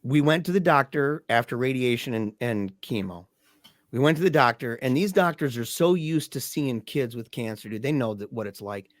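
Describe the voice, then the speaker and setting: A grieving father from Michigan, appearing as a podcast guest, tells a painful family story in casual talk, emphatic and peppered with "dude" and "man." His medium-pitched voice is expressive at a moderate pace, recorded in studio quality without echo.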